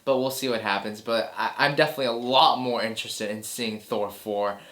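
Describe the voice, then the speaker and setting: A man hosting a casual movie chat at an ordinary, mid-range pitch. He talks with easy enthusiasm and keeps restarting his sentences and repeating words as he works through his opinions. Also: fairly even intonation, brisk, fairly bright tone. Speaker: host of a movie news chat show.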